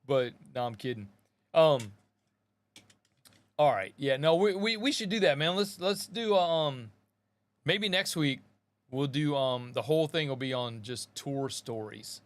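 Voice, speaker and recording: A man's voice: on the high side, animated, unhurried, dry recording. A middle-aged man hosting a live show, chatting casually in a rambling, slangy way and calling listeners bro and man. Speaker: podcast host. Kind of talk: casual live-stream chat.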